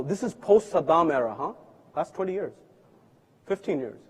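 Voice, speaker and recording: A male preacher telling a story in a sermon, voicing its people and swinging from loud to hushed. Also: fairly high pitch, animated, normal speed, long pauses, breathy edge. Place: mosque hall. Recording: long hall reverb from a live stream.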